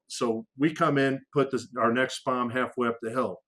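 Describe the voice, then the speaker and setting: A middle-aged man with a voice pitched in the ordinary middle range, telling combat stories in a loose, chatty podcast interview. He restarts sentences a lot and swears casually. His voice climbs sharply whenever he acts out the radio chatter. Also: normal speed, few pauses. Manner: animated storyteller who acts out radio calls with sudden loud raised lines; frequent restarts and fillers, profane casual military slang. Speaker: podcast guest, former fighter aircrew.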